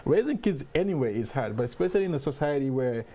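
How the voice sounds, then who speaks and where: A young man hosting a conversational interview, halting and repeating words as he works his way to his questions. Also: mid-range voice, expressive, warm tone. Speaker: host.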